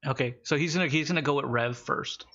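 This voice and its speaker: Running a tabletop session as game master, this man narrates in a relaxed way, using fillers and easing his pace for calm moments. His pitch is fairly high, and the audio is lo-fi.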